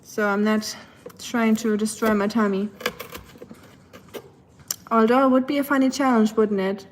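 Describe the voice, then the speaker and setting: A young adult woman hosts a casual livestream from her home kitchen, her nasal Southern American voice pitched on the high side with fairly even intonation and a measured pace. She's chatty and uses a sing-song baby voice with her dog. There's slight background noise on the low-quality recording.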